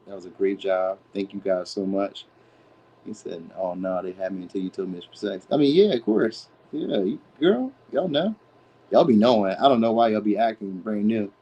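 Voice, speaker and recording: Speaking fairly low and mellow over a low-quality recording, a grown man who's a father gives a relaxed live tarot reading to his stream. His talk is slangy and meandering, peppered with "you know what I mean."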